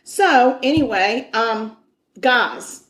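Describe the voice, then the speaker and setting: A woman's voice: a little high, animated, drawn-out words, fairly bright tone, a little hiss or hum. A woman co-hosting a podcast in casual chat, playful and teasing, laughing easily. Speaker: podcast co-host. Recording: echoey room.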